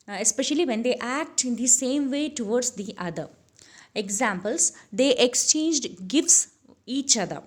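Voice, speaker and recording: A woman teaching an English grammar lesson in a somewhat high voice. She halts often on "uh", corrects herself mid-sentence and says each example sentence over again slowly. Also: a little mellow. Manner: many "uh" fillers and self-corrections, repeats the examples slowly. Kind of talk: explaining grammar to students.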